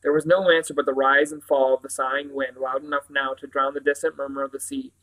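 A man reading a children's novel aloud in a steady manner, with occasional slips and restarts. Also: mid-range voice, fast talker, rough recording. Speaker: reader.

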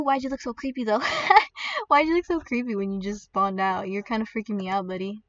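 A woman giving chatty, excitable commentary while playing a game, with squeals and laughs as she opens pets. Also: medium pitch, brisk, no room sound, distant mic, dull audio. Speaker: gaming video creator. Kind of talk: gaming commentary.

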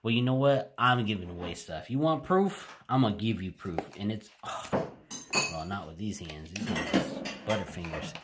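Male vlogger, low voice, excitable and chatty, addressing viewers directly, home recording with clear background noise. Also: moderate pace. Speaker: card-opening channel host. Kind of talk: casual card-opening vlog. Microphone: home camera setup.

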